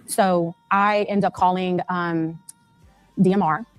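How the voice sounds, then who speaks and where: A mother telling her story in an interview, retelling events rapidly and anxiously and acting out phone calls. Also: on the low side, fairly even intonation, no echo, soft background music.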